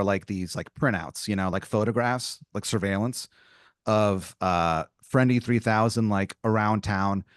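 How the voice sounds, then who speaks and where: A man's voice: lowish voice, no echo, studio quality. A man hosting a podcast, improvising a comedic scenario in a rambling style full of "like" and "you know.".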